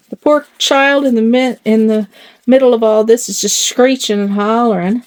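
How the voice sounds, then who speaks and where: A woman's voice: fairly high pitch, steady tone, moderate pace, a little mellow. Rambling, chuckling older woman. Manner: rambling, self-mocking, chuckling often. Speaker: doll channel host. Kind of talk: casual chat while dressing a doll.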